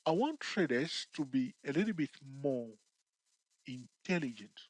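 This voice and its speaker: A man's voice: a little high, animated, measured pace, dry recording. Man teaching trading, keeps asking "okay?". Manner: repetitive, checks in with "okay?" and "all right?"; jokey, laughs at himself. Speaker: trading tutor. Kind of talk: screen-share trading lesson.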